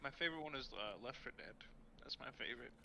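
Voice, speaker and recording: A man's voice: medium pitch, animated, quick pace, gravelly, bright, forceful tone. A man co-hosting a casual gaming podcast, laughing a lot and asking questions. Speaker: podcast co-host. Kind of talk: casual chat.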